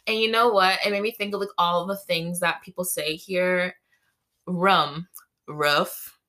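A woman's voice: fairly low pitch, fairly even intonation, brisk, sharp tone. A young woman from Massachusetts co-hosting a podcast, playful and joking in casual talk. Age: 20s. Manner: playful and joking, laughs often. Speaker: podcast co-host. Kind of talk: casual chat.

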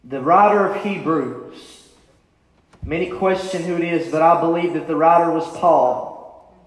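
Male preacher, fervent and rising, higher voice, echoing church hall. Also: measured pace. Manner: rising, impassioned preaching with repeated calls. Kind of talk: sermon. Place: church sanctuary.

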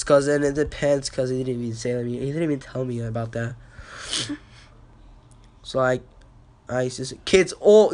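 A teenage boy hosting a casual podcast, sick and coughing, rambling with lots of fillers and swearing. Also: mid-range voice. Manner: rambling, profane, filler-heavy. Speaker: podcast host.

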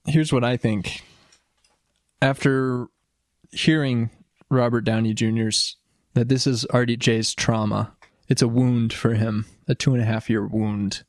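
A man's voice: mid-range voice, steady tone, measured pace, no echo, studio quality. A man with a Midwestern American accent co-hosting a casual podcast, playful and prone to silly impressions. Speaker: podcast co-host. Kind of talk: casual chat.

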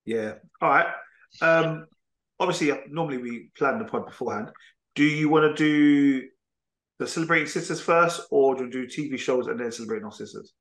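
A man from Britain co-hosting a podcast, relaxed and teasing while steering the conversation. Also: medium pitch, a little fast, reverberant. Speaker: podcast co-host. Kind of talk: casual chat.

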